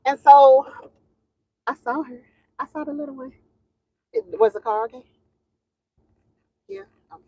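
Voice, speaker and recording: With a high, warm voice, measured pace, and long pauses, this Southern woman chats and laughs often while welcoming her livestream viewers and sharing a story in drawling style. The audio sounds dull and lo-fi, captured in a dry room.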